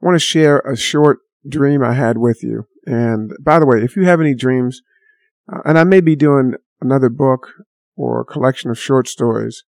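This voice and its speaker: A man's voice: medium pitch, moderate pace, vocal fry, a little mellow, dry recording, studio quality. A man telling a story in a casual, rambling monologue, full of fillers and restarts.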